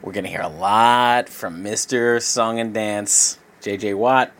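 A man co-hosting a podcast, giving blunt, animated opinions in casual sports talk. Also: on the low side, a little slow. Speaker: podcast co-host.

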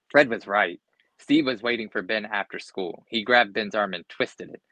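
A man's voice: fairly low pitch, normal speed, bright, forceful tone, no echo, poor audio. A man reading a children's storybook aloud expressively, with occasional slips and restarts. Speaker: storybook reader.

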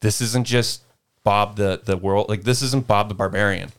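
Man, low voice, game master, animated and profane storyteller. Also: moderate pace. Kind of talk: casual podcast chat.

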